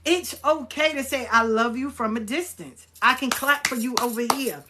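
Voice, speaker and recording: A middle-aged woman hosting her own channel, talking casually and bluntly to viewers, animated and swearing freely. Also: fairly high pitch, moderate pace, noisy background. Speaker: spiritual practitioner, channel host. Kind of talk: casual spoken reflection to viewers.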